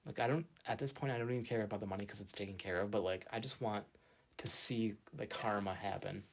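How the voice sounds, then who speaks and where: A man co-hosting a casual podcast, telling animated stories and acting out excited quotes. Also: lowish voice, fast. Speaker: podcast host. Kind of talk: casual chat.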